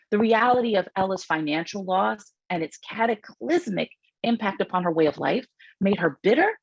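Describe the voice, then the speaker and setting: A woman's voice: vocal fry, slightly rough, no room sound, lo-fi sound. A middle-aged woman, an author giving a public book talk, reads passages from her book aloud and breaks off for asides, with frequent fillers and restarts. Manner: raises her pitch when reading quoted passages, frequent fillers and restarts.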